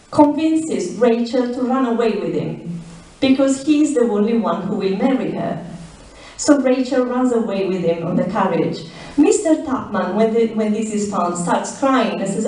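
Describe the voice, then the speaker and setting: Woman giving a talk, slow and mellow, far off mic in a boomy hall. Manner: lively storytelling with emphatic pauses. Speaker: literature scholar. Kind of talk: conference talk. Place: university lecture hall. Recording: echoey lecture hall, mic at a distance.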